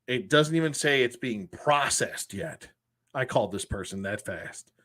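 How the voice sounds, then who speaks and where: A man's voice: mid-range voice, animated, a little slow, pushed and bright. A man hosting a collectors' show, telling a frustrating customer service story in a casual, exasperated way with acted quotes. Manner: exasperated, retells phone calls in acted quotes.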